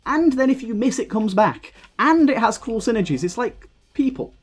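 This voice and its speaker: A young man commenting on his own gameplay, swearing freely and getting heated as he talks. His pitch swings widely from line to line. Faint game music plays beneath his voice. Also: lively intonation, moderate pace. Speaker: gaming video creator.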